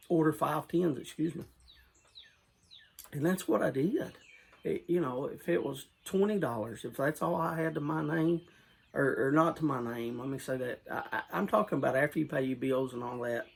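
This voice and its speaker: Gravelly, husky-voiced Southern man rambling. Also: fairly high pitch, rough recording. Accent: Southern US rural. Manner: rambling, repeats himself, self-correcting; earnest, urging viewers. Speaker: pipe tobacco vlogger. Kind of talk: casual rambling vlog talk.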